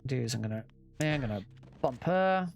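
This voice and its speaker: A man's voice: medium pitch, lively intonation, fairly quick, creaky, faint music behind. Chatty man commenting on gameplay. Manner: chatty, self-correcting, swears casually. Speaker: speedrunner.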